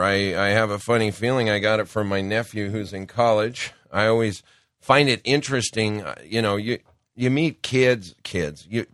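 Middle-aged male talk-radio host, folksy and rambling, sick with a cold, low voice, dry studio sound. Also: fairly bright tone, no echo. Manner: folksy, rambling, with preachy asides. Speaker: radio show host and business owner. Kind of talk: casual talk-radio monologue.

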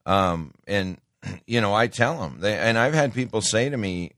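Plainspoken middle-aged male talk host, preachy and opinionated; low voice, dry booth sound. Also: expressive, measured pace, fairly bright tone, no echo. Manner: folksy, plainspoken, calls listeners folks; preachy, quotes scripture. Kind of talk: opinionated political commentary.

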